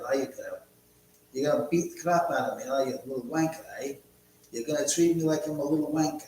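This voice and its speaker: A man's voice: mid-range voice, darkish tone, close to an everyday voice. A man voicing a menacing tough guy who taunts and mock-threatens. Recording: echoey room with faint hum.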